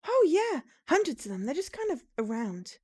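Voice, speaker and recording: A woman's voice: sits high, very animated, moderate pace, a little mellow, voice pushed up. A woman voicing a cheery, ageless lost soul in purgatory, chatty and bubbly, over faint game music. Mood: breezy. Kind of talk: reading a visual novel aloud.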